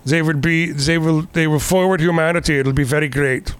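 A man's voice: on the high side, steady tone, a little fast, smooth. A man in casual chat recapping a movie in a rambling, sarcastic way, swearing often. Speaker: podcast co-host.

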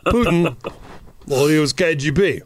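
Sarcastic joking man, slightly high voice. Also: measured pace, no room sound. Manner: sarcastic, joking, rambling asides. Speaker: podcast co-host. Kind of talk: casual comedic chat.

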